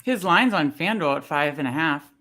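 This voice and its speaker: An easygoing woman gives her betting picks on a sports panel with hesitant fillers. Her voice is bright and forward. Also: low voice, animated, moderate pace. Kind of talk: casual sports betting chat.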